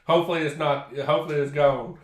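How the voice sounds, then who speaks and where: An older man with a Texan accent, rambling through a story in casual live-stream chat, with restarts and chuckles. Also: fairly high pitch. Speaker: paranormal investigator co-host. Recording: echoey room.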